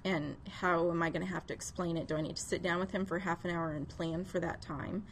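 Woman co-hosting a relaxed office podcast. Her voice sits a little low for a woman. She talks in a brisk, practical way and keeps things moving. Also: a little hiss or hum. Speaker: co-host. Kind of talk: casual podcast conversation.

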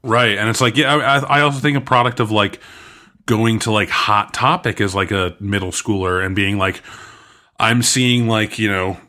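A man in his thirties in relaxed casual chat, sometimes humming tunes to make a point. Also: on the low side, moderate pace. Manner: relaxed, chatty, mimics tunes with silly "do do" sounds.

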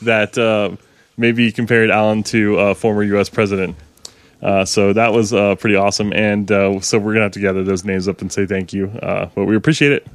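A man with a somewhat low voice talking casually on a tech podcast. He pauses often with filler sounds and laughs easily. The sound is dry and close-miked. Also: level tone, dry recording. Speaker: podcast co-host.

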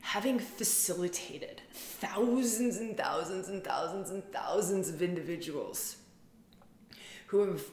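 A woman's voice: mid-range voice, a little mellow. Rambling woman speaking in an echoey room. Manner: rambling, intimate, repeats words for emphasis. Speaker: spiritual facilitator. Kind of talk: casual monologue.

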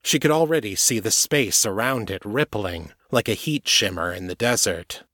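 A man narrating an audiobook chapter in a steady, even storytelling manner. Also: lowish voice, moderate pace, no echo, clean studio sound.

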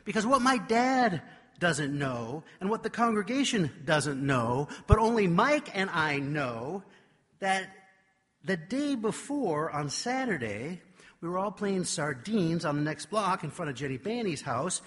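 A man preaching a sermon, telling a childhood story with animated, self-mocking delivery before turning to scripture. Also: high voice, unhurried, breathy edge. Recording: long reverb of a large hall.

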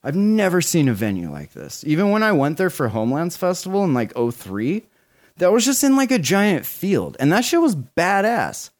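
A man in his forties co-hosting a podcast, chatting casually, excited and swearing a lot. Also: on the high side, a little fast, few pauses. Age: 40s. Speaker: podcast co-host.

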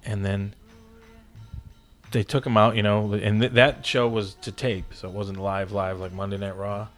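Guy in his 50s, lowish voice, rambling story w lots of "like" and cursing. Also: flat delivery, moderate pace, faint music behind. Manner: rambling, full of "like" and swearing. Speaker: guest. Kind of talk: casual storytelling in a podcast interview.

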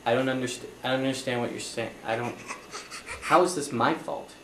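A man's voice: medium pitch, fairly quick, roomy sound, background noise. A young man playing a flustered, apologetic accountant in an improvised comedy scene.

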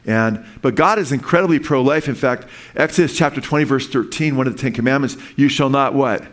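A man's voice: medium pitch, fairly quick. A man preaching a sermon in an earnest, rambling way, with frequent restarts and asides to his listeners. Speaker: pastor.

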